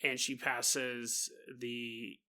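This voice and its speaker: Bright, sing-song podcast host. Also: male voice, mid-range voice, very slow, clean tone. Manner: animated, sing-song, jokey. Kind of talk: casual comedic paranormal podcast.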